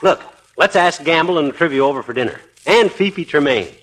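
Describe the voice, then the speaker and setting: A man's voice: a little high, animated, a little fast, a bit bright. An actor playing a boastful, wisecracking middle-aged husband in a 1940s radio comedy, brash and slangy, chuckling at his own jokes. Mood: joking. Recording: old radio recording with faint noise.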